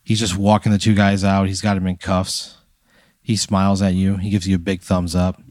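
A man with a very low voice narrates a tall hypothetical tale with mock gravity, addressing his listener as "you". He builds the scene deliberately on a comedy podcast. The recording is dry and close. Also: little pitch movement, a little mellow, no echo. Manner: spins a dramatic second-person hypothetical. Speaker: podcast co-host. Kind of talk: comic storytelling.

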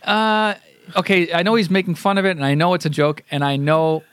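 Blunt, rambling man with a slightly high voice. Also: fairly even intonation, fairly quick, a bit bright, clear, resonant tone, dry recording. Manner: blunt, rambling, swears offhandedly. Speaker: podcast co-host. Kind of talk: casual chat.

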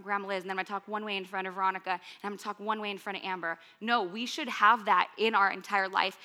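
A young woman preaching to her congregation in a bright, clear voice. She keeps her delivery earnest and conversational, leaning hard on her key points. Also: mid-range voice. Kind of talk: sermon.

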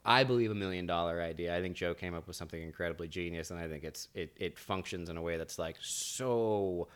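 Very deep-voiced man in loose chat. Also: fairly quick, a bit bright, smooth. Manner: rambling, restarts sentences, jokey. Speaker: podcast co-host. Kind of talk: casual chat.

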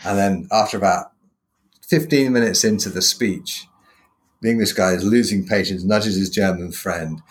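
A man hosting a podcast interview, thoughtful and anecdotal, telling stories with frequent pauses and fillers. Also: low-pitched. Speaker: podcast host. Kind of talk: casual interview chat.

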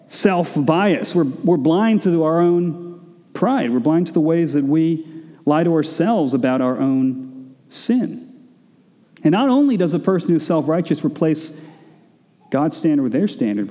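A man preaches in a relaxed, conversational style, tossing in casual asides as he explains his point. His voice sits a little high for a man yet sounds warm and mellow. A long reverb trails each phrase, as in a large hall. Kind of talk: sermon.

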